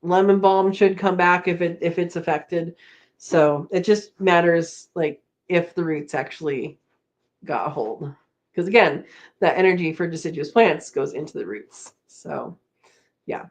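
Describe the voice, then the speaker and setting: A woman hosting a homesteading live chat, reading viewer comments aloud in a relaxed, chatty way, laughing often and trailing off with fillers. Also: fairly low pitch, a little slow, lo-fi sound.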